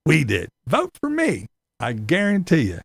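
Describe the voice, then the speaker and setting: A man voicing a mocking caricature of a pandering male politician, in a high sing-song put-on voice. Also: wildly swooping pitch, a little slow, gravelly, fairly bright tone, husky, heavily acted.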